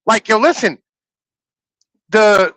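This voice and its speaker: A man in his thirties talking in a casual, animated and profane way on a podcast, often asking "you know what I'm saying". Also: high voice, takes it slowly, no room sound, low-quality recording.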